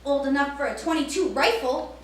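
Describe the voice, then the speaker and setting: A woman's voice: high voice, a little fast, pitched above the performer's own voice, close to an everyday voice. A woman voicing a stubborn eleven-year-old boy who insists on what he wants, heard from a distance in an echoey space. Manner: sulky, insistent. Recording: echoey, distant, faint noise.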